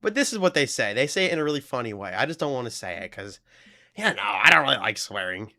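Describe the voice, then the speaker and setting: A man's voice: mid-range voice, big pitch swings, fast, sharp tone. A man live-streaming a game, chatting and laughing with his chat in a joking way. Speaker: gaming streamer.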